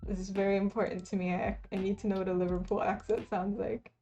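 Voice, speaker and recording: A woman's voice: mid-range voice, flat delivery, fast, warm tone. A young woman streaming and chatting casually, rambling and laughing often as she plays. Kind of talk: casual live-stream chat while playing.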